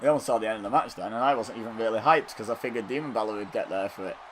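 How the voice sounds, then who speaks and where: Racing along in a lowish voice, a man gives casual commentary on a wrestling video game, alternating loud bursts with dry throwaway lines. A little hiss or hum runs through the audio.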